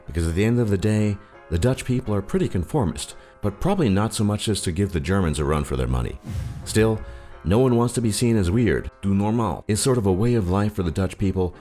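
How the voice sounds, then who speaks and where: A man with a low voice reads scripted narration, and his pitch rises and falls a lot as he goes. He keeps a wry, joking tone, and soft music plays quietly behind him. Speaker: narrator of a list video.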